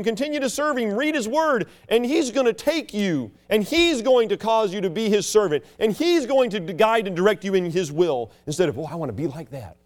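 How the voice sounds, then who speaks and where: A man preaching a sermon with passion, swinging between loud declarations and hushed asides. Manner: mocks proud churchgoers in a sneering low voice.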